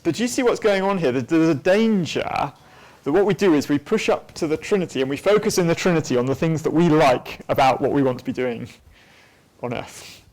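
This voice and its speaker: Brief: man, church teacher, explaining theology off the cuff, slightly higher voice, halting with ums. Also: expressive, a little mellow. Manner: thoughtful, with many ums and restarts. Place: church hall at a weekend away.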